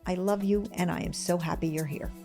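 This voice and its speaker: Fast-talking woman podcast host. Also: on the low side, faint music behind. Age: middle-aged. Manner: fast-talking, candid and expressive. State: tearful, close to crying. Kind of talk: conversational podcast talk.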